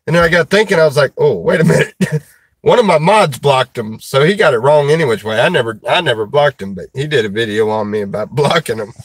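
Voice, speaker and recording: A man's voice: mid-range voice, expressive, slightly rough. A man talks loosely to his live chat, stopping and restarting his sentences with plenty of "uh" and "um". He chuckles now and then as he reads comments aloud. The sound is dry and close, with no room echo. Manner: halting, many restarts and fillers; chuckles while reading comments. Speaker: livestreamer reading chat.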